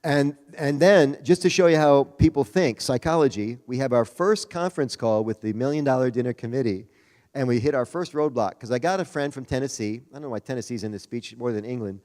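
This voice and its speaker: Man, mid-pitched, folksy and jokey conference speaker, long hall reverb. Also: fairly quick, darkish tone. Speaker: Rotary district leader giving a talk. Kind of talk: conference speech.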